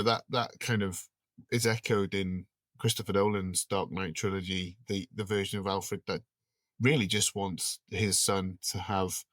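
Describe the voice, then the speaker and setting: Low-voiced man hosting a film chat. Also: a bit bright, no echo. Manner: steers the discussion, laughs easily. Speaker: podcast host. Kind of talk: casual film-review chat.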